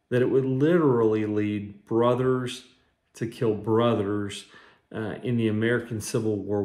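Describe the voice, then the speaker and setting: A man's voice: mid-range voice, darkish tone. A man who is a minister, giving a short devotional sermon in an earnest, conversational way and weaving in scripture quotes. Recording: roomy echo.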